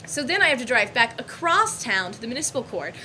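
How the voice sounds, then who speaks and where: A young woman vlogger telling a story about her bad day in a casual, animated, exasperated way. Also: a little high, fast, slight background noise, poor audio. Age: young adult.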